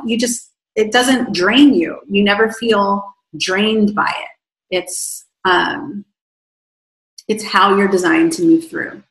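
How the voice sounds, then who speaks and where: A woman coaching viewers on a livestream, reading their comments aloud and answering at length. Her voice is gravelly with vocal fry and is wearing thin after talking for a long time. The sound carries the echo of the room around her. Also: medium pitch. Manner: effusive, rambling, warm toward viewers. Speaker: online coach.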